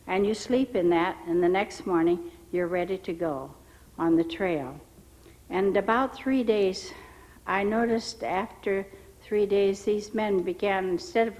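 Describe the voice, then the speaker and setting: Older woman, church testimony, lively storyteller who voices the people in her story and keeps circling back to restart her sentences. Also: mid-range voice, rough recording. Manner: animated storyteller who acts out the people she quotes; rambling, with frequent restarts. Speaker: missionary giving testimony.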